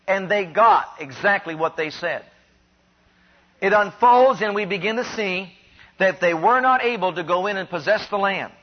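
A man preaching a sermon in an earnest, emphatic way, with deliberate, drawn-out phrasing. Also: sits high, animated. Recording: dull lo-fi recording.

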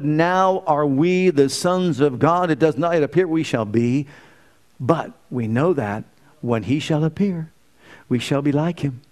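A man preaching a sermon, swinging from hushed, slow lines to loud, emphatic ones and firing rhetorical questions at his listeners. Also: on the high side.

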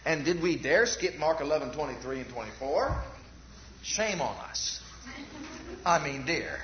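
Male preacher, fervent sermon, high voice, swooping pitch, very echoey room. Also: animated, measured pace, slight background noise. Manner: fervent, rhetorical questions, calls for amens. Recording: echoey, dull lo-fi church recording.

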